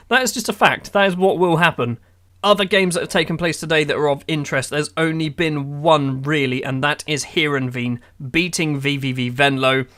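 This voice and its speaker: A man's voice: mid-range voice, bright, forceful tone. A man playing a football manager game, giving sarcastic, exasperated running commentary on the matches. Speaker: gaming YouTuber.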